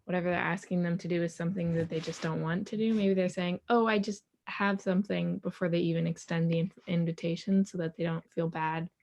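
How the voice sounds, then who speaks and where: A woman's voice: lowish voice, little pitch movement, brisk, vocal fry, hardly any pauses, darkish tone, a little hiss or hum. A woman student offering tentative ideas in a class discussion.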